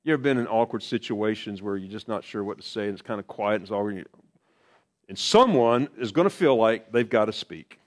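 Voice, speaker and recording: A man's voice: on the low side, lively intonation, a little fast. A man preaching a sermon in a conversational way, repeating key phrases for emphasis.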